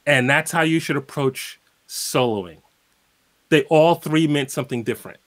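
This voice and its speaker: A man's voice: fairly high pitch, normal speed, fairly bright tone. A man guest in a casual interview, explaining at an easy pace with plenty of fillers and spoken examples. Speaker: guitarist guest.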